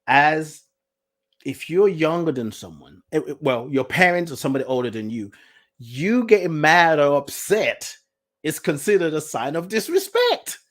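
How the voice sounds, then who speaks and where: A guest host and life coach from Nigeria, telling a personal story to an online group and acting out the quoted lines with big jumps in pitch and loudness. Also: moderate pace. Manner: animated, acts out quoted lines with big swings in pitch and loudness, laughs often.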